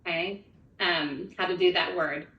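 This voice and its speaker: A woman's voice: lowish voice, steady tone, unhurried, vocal fry, recorded from a distance, lo-fi sound. A woman trainer modeling a phonics lesson, explaining each step methodically. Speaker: literacy trainer. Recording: echoey room from off-mic.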